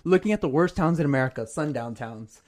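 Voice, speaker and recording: Seorang pria muda yang mengobrol santai sebagai co-host, sering tertawa dan banyak kata pengisi. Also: male voice, fairly high pitch, animated, fast, darkish tone. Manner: chatty, lots of fillers, laughs often. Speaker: podcast co-host. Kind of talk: casual chat.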